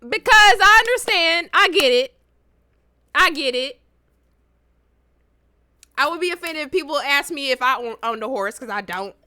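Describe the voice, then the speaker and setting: A young woman, chatting casually as she reacts to a video and her chat, teasing and swinging between loud outbursts and low mutters. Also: moderate pace, long pauses, no room sound, studio quality.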